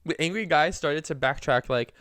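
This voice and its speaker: A young man with a smooth, resonant voice chats on a podcast, reading posts aloud and acting out the quoted voices. He laughs easily and tells stories with animation. The sound is close and dry, with no room behind him. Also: a little high, normal speed, fairly bright tone, dry recording. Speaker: podcast co-host.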